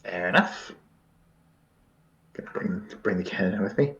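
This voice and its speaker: Chill guy playing a tabletop game, lowish voice, offhand and easygoing. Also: measured pace, fairly bright tone, lo-fi sound, slight background noise. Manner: laid-back, offhand. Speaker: player. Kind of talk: casual tabletop game play.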